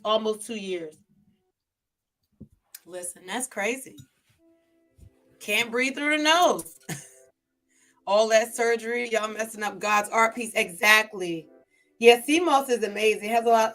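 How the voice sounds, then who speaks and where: A woman vlogger, gossiping in casual commentary to a live chat, chatty and animated. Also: medium pitch.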